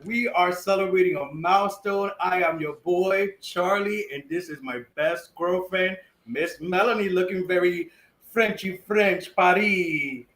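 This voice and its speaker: A man's voice: high voice, unhurried, fairly bright tone, roomy sound. A man hosting a podcast, upbeat and playful as he talks with his co-host and guest. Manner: upbeat, playful, hyping the show. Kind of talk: casual chat.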